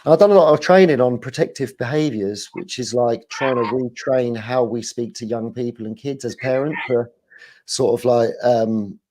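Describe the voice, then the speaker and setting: A man, a guest on a casual stream, talking in a rambling, animated way and laughing as he goes. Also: medium pitch, moderate pace.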